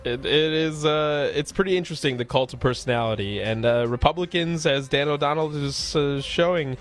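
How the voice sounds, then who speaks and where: A man hosting a talk radio show, speaking in a relaxed way with a few uhs. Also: on the high side, a little fast, soft background music.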